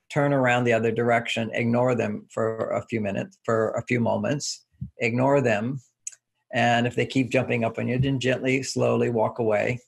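A man with a deeply gravelly, husky voice talks through his ideas as an interview guest. He teaches through everyday stories and chuckles often along the way. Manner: anecdotal, instructive, chuckling. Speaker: relationship author and guest. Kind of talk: relaxed interview talk.

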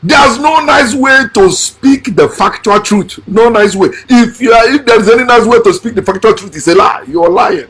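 A man delivering a blunt, lecturing monologue. He repeats his points and swings between shouting and quiet talk. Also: very high voice, normal speed, few pauses, slightly rough. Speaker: channel host.

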